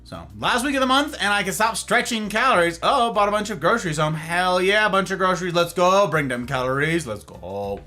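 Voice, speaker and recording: A man's voice: high-pitched, expressive, brisk, few pauses, sharp tone, soft background music. A man hosting a casual live stream from his home office, playfully greeting viewers by name and chatting with them. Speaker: livestream host.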